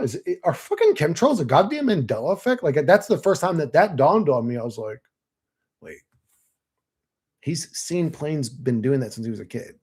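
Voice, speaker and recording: This late-thirties Florida channel host rambles casually through viewer comments, cursing and using plenty of fillers. His voice sits on the high side, husky with a darkish tone.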